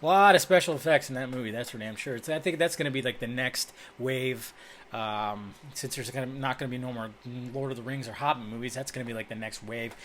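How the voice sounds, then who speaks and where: A man's voice: mid-range voice, fairly quick, a bit bright, a little hiss or hum. A man vlogging about film news in a loose, rambling style, swearing freely, talking into a desk microphone in a dim room. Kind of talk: casual rambling commentary. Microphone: desk microphone, webcam.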